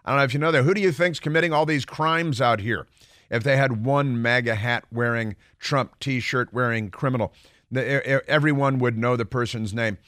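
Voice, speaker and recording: Male talk radio host, sarcastic, rambling monologue, mid pitch, dry close-miked sound. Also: normal speed, a bit bright, no echo. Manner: sarcastic, rambling, mocking asides.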